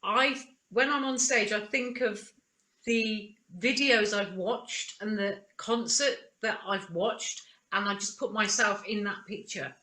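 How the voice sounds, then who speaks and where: A woman's voice: mid-range voice, slow pace, bright, forceful tone. A woman performer in a tribute show, reflecting earnestly on her stage work in a casual interview over a video call. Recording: echoey room.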